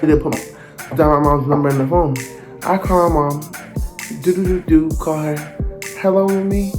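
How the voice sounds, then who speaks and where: A young man narrating a storytime vlog in an animated, dramatic, slangy way. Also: on the high side, normal speed, music in the background. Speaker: vlogger.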